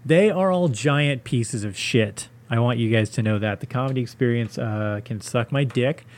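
A man's voice: medium pitch, moderate pace. Male comic host, solo podcast rant, foul-mouthed and sarcastic, mid-range voice. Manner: profane, sarcastic ranting.

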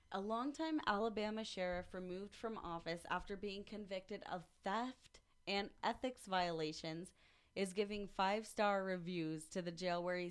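A woman co-hosts a casual studio podcast, reading a news story aloud and tossing in jokes and free swearing in an animated way. She handles the news segment in a clean, mid-range voice.

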